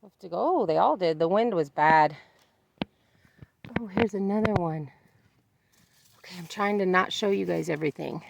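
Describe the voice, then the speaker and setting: A woman's voice: lowish voice, normal speed, creaky, pauses often, a little hiss or hum. A woman talking casually to her camera outdoors on a farm, chatting and talking to her animals in a sing-song voice. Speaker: homesteading vlogger. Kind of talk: casual vlog narration.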